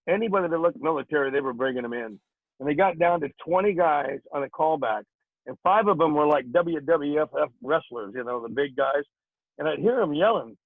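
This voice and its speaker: A man's voice: fairly high pitch, no echo. Older man telling jokes over a tinny line. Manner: jokey, breaks into put-on voices. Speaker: actor and comedian guest. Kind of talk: storytelling in a casual interview.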